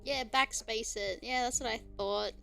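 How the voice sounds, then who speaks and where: A young woman with an Australian accent chats casually on a live stream. Her high, bright voice moves at an unhurried pace and keeps dissolving into squealing giggles. Soft music plays faintly in the background. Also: gravelly. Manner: giggly, bursts into laughter and squeals.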